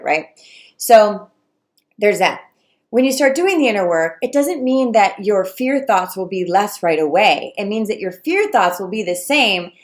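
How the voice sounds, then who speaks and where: A woman coaching viewers on relationships in a casual talk, animated and acting out the voices of clients and fears. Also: mid-range voice. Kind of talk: casual direct-to-camera advice talk.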